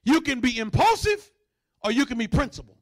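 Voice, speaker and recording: A man preaching a sermon, with a notably high voice for a man. He moves from chatty asides to loud, soaring bursts, and now and then growls to mimic a dog. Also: big pitch swings, fairly quick. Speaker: pastor.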